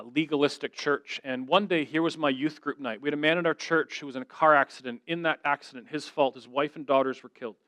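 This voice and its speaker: Earnest middle-aged man preaching, slightly high. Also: a bit bright, dry recording. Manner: earnest, storytelling, voices quoted people. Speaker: guest speaker. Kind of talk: conversational sermon.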